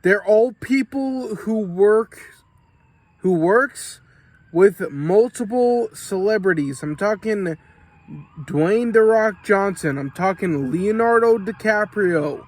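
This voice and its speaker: American male vlogger, high-pitched, rambling and foul-mouthed, drinking and coughing in a vehicle. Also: expressive, slow pace. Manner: profane, rambling storytelling. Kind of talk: casual rambling vlog monologue.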